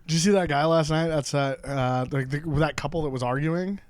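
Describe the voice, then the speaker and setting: A man's voice: on the high side, brisk, clear, resonant tone, no echo, clean studio sound. A man co-hosting a casual chat, laughing often and rambling through restarts. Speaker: podcast co-host. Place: apartment.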